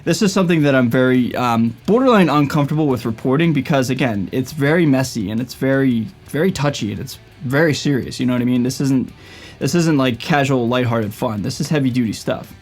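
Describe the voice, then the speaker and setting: A man's voice: mid-range voice, a little fast, a little mellow, soft background music. A young man hosting a casual commentary video, stumbling and hesitant, with lots of fillers. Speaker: YouTube host.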